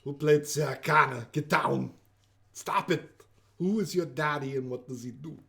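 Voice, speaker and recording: A man doing a gruff action-hero impression. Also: fairly high pitch, normal speed, pushed and bright. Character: Arnold-style action hero impression, male.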